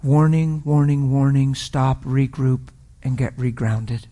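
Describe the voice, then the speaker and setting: A middle-aged man preaching, telling a personal story with emotional swings from loud declarations to hushed whispers. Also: medium pitch, fairly even intonation, slow. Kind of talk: sermon testimony.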